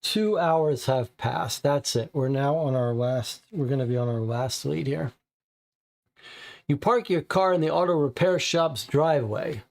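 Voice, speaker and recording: A man's voice: on the high side, measured pace, vocal fry. A man playing a detective board game, reading cards and reasoning through clues aloud.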